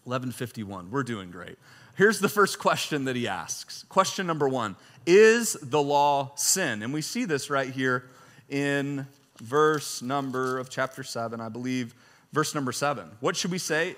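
Male pastor, sermon delivery, animated and bright, reads scripture with force, laughs between points. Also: mid-range voice, moderate pace, in a large hall. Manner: animated preaching, reads scripture loudly, jokes and chuckles.

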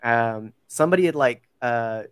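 A man's voice: medium pitch, moderate pace, clear, resonant tone, no echo. A man hosting a casual podcast chat, talking loosely with many fillers and restarts. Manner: chatty, full of fillers and self-corrections. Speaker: podcast host.

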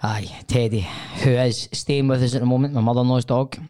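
A man's voice: medium pitch, steady tone, fairly quick, dark tone. A Scottish man in his thirties, co-hosting a podcast in a studio, telling a long rambling story in casual chat with some swearing. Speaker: podcast co-host.

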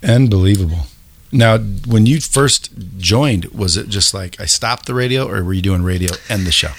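A man in his fifties hosting a casual interview, with a raspy voice and a joking, self-mocking manner. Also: lowish voice, moderate pace. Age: 50s. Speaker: podcast host.

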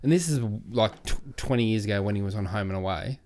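A man's voice: lowish voice, fast, darkish tone. A man co-hosting a podcast in casual chat, teasing and joking with his co-host.

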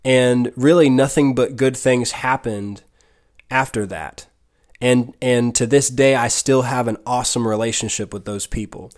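A man gives a devotional talk on his podcast. He speaks earnestly, like a preacher, and addresses the listener directly with mid-range pitch. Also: fairly even intonation, unhurried. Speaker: podcast host.

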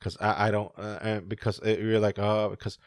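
A man co-hosting a podcast in casual chat, animated and profane, laughing often. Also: lowish voice, fairly quick, no echo, studio quality. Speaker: podcast co-host.

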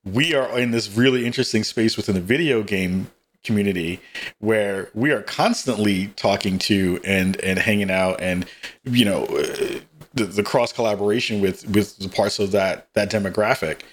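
A man's voice: fairly low pitch, normal speed. A man hosting a podcast interview, earnest, asking long winding questions with fillers. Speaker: podcast host. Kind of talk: casual interview.

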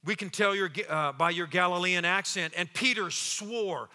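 Fiery preacher man in a reverberant hall. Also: high voice. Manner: swings from loud, fiery exclamations to hushed, slow delivery; repeats words and restarts, acts out quotes. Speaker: pastor. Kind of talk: sermon.

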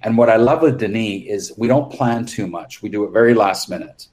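A man speaks as a podcast guest, telling stories from his career in an open, loose way. His voice sits low, and his sentences often restart before he finds his point. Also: a little fast, a little mellow. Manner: candid, rambling with frequent restarts. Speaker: makeup artist guest. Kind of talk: casual interview storytelling.

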